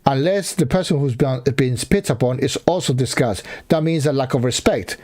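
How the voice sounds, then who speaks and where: In a reaction video, a man with a mid-range, somewhat dark voice rants at a normal speed. He swears heavily and mocks the speaker he's watching.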